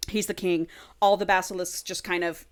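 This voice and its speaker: A woman with a lowish, level, clean-toned voice retells a book's plot on a podcast at a moderate pace. As a co-host she's chatty, swears freely, and acts out the characters' dialogue.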